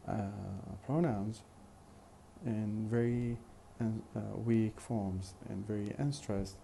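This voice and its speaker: Low, gravelly male lecturer, slow and deliberate. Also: steady tone, mellow, a little hiss or hum. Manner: slow, deliberate explaining, repeating example phrases, often hesitating with "uh". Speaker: phonetics lecturer. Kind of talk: recorded university lecture.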